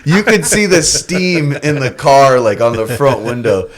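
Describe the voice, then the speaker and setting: A man's voice: mid-range voice, a little slow, a crowd in the background. A young man from Florida, a podcast guest, telling wild stories casually and laughing, acting out the lines of the people in them. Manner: laughing, animated anecdotes with acted-out quotes. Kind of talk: casual storytelling.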